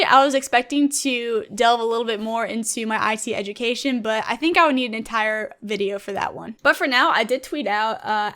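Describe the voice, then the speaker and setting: Chatty, enthusiastic young woman. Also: on the high side. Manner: chatty, enthusiastic, animated storyteller. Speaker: gaming YouTuber and streamer. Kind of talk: casual vlog chat.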